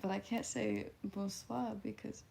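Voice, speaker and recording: A woman's voice: medium pitch, steady tone, a little slow, gravelly, warm tone, a little hiss or hum. Giggly young woman streamer chatting. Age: 20s. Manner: giggly, chatty, reacts to chat messages. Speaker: livestreamer reading chat. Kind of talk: casual live-stream chat.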